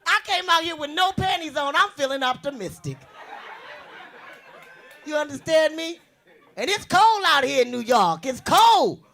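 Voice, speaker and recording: A young woman from the US West Coast works a comedy club stage with a big, bright voice. Her pitch leaps around as she fires off brash, bawdy punchlines. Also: lively intonation, measured pace, vocal fry, pauses often, some chatter behind. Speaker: stand-up comedian. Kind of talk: stand-up comedy routine.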